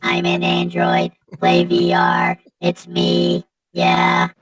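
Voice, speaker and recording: A man voicing a slow, deep male android robot over loud music. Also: monotone, vocal fry, breathy edge, recorded from a distance, heavily acted. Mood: deadpan. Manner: slow, dragging delivery.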